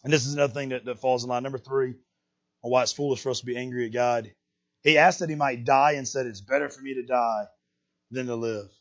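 A man preaching a sermon, emphatic and direct, swinging between loud and hushed lines. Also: mid-range voice, fairly even intonation, fast talker, dull audio. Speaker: pastor.

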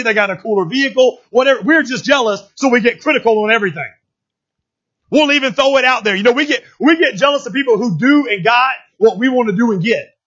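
Folksy male pastor, high husky voice, preaches emphatically, heard on a dull lo-fi stream. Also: fairly bright tone. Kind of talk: sermon.

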